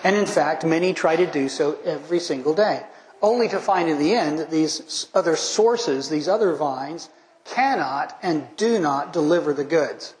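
A man's voice: fairly high pitch, expressive, normal speed, darkish tone. Methodical man preaching in an echoey church. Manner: methodical, lists points and verse references, emphatic on key lines. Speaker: pastor. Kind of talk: expository sermon.

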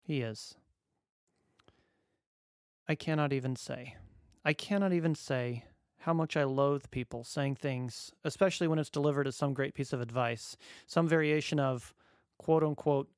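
A man's voice: mid-range voice, normal speed, dry recording, clean studio sound. A father reading his own personal essay aloud in a wry, earnest, conversational way.

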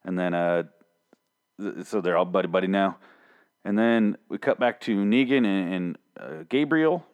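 A man with a lowish voice recaps a TV episode on his own, talking loose and unscripted. He swears freely, drifts off on tangents and pokes fun at himself as he goes. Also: animated, normal speed, darkish tone, clear, resonant tone. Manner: rambling, profane, self-mocking. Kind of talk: casual solo recap.

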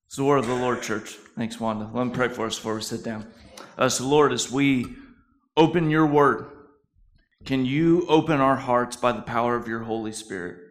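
A man's voice: medium pitch, steady tone, moderate pace. A male pastor preaching a conversational sermon, telling stories with frequent "uh" fillers.

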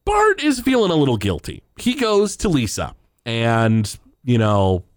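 Man, podcast co-host, casual chat, very animated pitch, lots of fillers, dry close sound. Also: a little slow, dry recording. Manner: retells scenes loosely with many fillers and laughs. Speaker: podcast co-host recapping an episode.

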